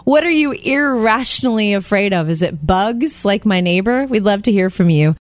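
A woman co-hosting a radio show, chatting casually and telling stories with a very lively, swooping pitch. She jumps into high voices when she quotes people, and her voice sounds close and dry. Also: normal speed, dry recording. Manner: animated storyteller, acts out quotes in high voices. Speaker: co-host.

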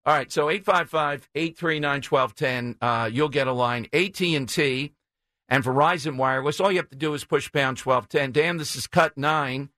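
A man's voice: on the high side, moderate pace, pushed and bright, no echo. A man hosting a talk radio show, blunt, combative and sarcastic. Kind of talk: opinionated talk radio monologue.

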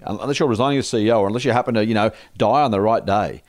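A man's voice: lowish voice, rapid-fire, dry recording, studio quality. A man co-hosting a finance podcast, chatting casually and animatedly, slipping into quoted voices. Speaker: podcast co-host. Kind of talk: casual chat.

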